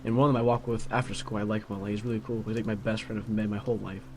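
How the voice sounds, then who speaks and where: A man's voice: fairly low pitch, flat delivery, rapid-fire, music in the background. A teenage young man rambling casually in a solo monologue, grumbling and peppering his talk with "like.". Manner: grumbling, filler-heavy with constant "like". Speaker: vlogger.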